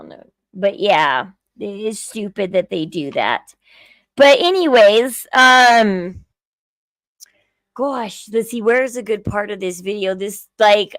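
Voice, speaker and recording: A middle-aged woman with a high voice hosts a casual livestream, rambling along with fillers and restarts. Her voice is recorded dry and close, with no room sound. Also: no echo. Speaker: streamer host.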